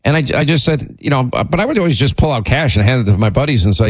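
A male radio host talks in loose, rambling banter on a studio mic, teasing his co-host. His pitch swings widely, leaping up when he's exasperated. The sound is dry and close, with no room around it. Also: animated, quick pace, breathy edge, no echo. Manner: voice jumps high when exasperated. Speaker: radio talk show host. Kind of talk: casual on-air banter.

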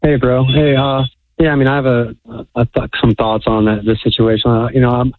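A worked-up male caller speaks in a flat, monotone voice, quick to apologize. He comes through a tinny phone line, dry and narrow. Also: medium pitch, no room sound.

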